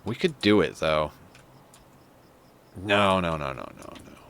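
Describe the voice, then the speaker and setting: A man's voice: low voice, expressive, slow pace, a bit bright, smooth. Rambling, cursing male game streamer. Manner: rambling, profane, chuckles often. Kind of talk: casual live-stream game commentary.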